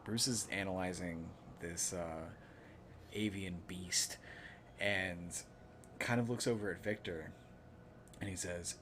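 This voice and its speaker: Deep-voiced cocky male player. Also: steady tone, slow pace, long pauses, noisy background. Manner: cocky, playful in character. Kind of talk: playing a tabletop game.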